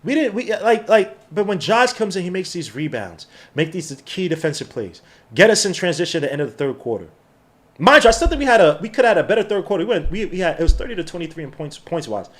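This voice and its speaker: A man hosting a live sports watch-along podcast, talking in an excitable, slangy fan manner. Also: high-pitched, fast. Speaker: podcast host.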